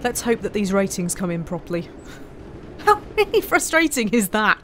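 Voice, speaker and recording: Woman, gamer commentary, mid-pitched, self-talk with muttered asides. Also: sing-song, normal speed, fairly bright tone, a little hiss or hum. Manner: chatty, talks to herself, mutters frustrated asides. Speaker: game streamer. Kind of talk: casual let's-play commentary.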